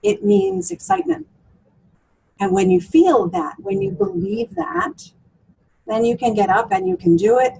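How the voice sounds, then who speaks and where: A woman's voice: fairly high pitch, sing-song, unhurried, vocal fry, mellow, slightly rough, rough recording. A woman coach for women, talking through client stories in an interview with many fillers and restarts. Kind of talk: interview conversation.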